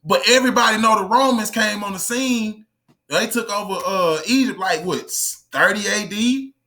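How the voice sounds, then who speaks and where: A man's voice: high voice, normal speed, pushed and bright. A man hosting his own channel, giving heated, profane commentary full of rhetorical questions while reading aloud from a screen. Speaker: channel host.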